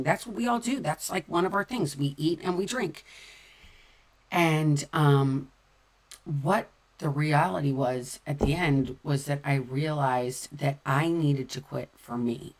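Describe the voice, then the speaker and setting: Middle-aged woman w a deep voice talking openly abt getting sober, chatty, repeats herself for emphasis. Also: a little slow. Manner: candid, conversational, repeats phrases for emphasis. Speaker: sober-living speaker. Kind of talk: personal recovery talk.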